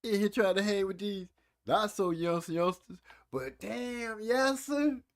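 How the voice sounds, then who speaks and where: A man's voice: high-pitched, unhurried. A man in his forties hosting a casual live stream, chatting and teasing viewers about old movies. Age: 40s. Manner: playful, teasing, reads chat aloud.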